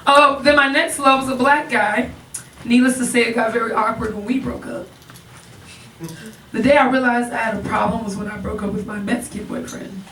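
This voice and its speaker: A young woman doing a stand-up comedy set, chatty and animated, often laughing at her own jokes. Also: on the high side, brisk. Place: comedy club stage. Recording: echoey club, recorded from far off. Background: audience laughter.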